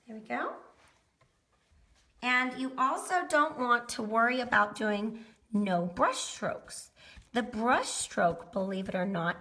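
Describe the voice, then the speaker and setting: A woman's voice: fairly high pitch, a bit bright. A woman giving a casual how-to painting demonstration, chatting folksily to viewers as she works. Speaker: DIY painting instructor. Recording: roomy echo.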